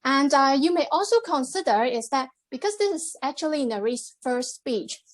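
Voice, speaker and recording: A woman giving the general evaluation at a club meeting over a video call, measured and encouraging, with frequent fillers. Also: high-pitched, lively intonation.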